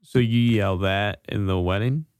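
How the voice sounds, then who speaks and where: Low dry deadpan guest man. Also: a little slow, clean tone, no echo. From American Midwest. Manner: dry, laid-back, deadpan. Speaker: podcast guest, comedian. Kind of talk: casual comedy chat.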